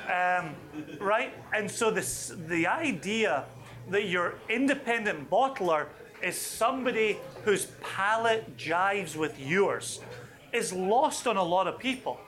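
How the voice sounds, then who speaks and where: A man leading a whisky tasting for a live audience, chatty and enthusiastic with quick asides. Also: high voice, animated, a bit bright.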